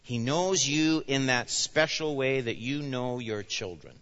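Emphatic pastor in a reverberant hall. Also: male voice, mid-range voice, a little slow. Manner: emphatic, swings from loud declarations to hushed asides. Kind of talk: sermon. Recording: dull sound with long reverb in a large hall.

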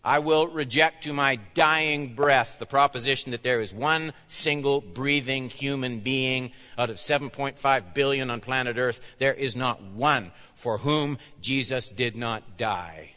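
Emphatic pastor in a reverberant hall. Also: male voice, medium pitch, unhurried, hardly any pauses. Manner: emphatic, swings from loud declarations to hushed asides. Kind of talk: sermon. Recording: dull sound with long reverb in a large hall.

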